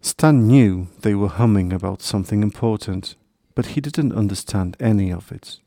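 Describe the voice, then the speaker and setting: A man calmly narrating a children's storybook in a measured reading. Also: lowish voice, dry recording, studio quality.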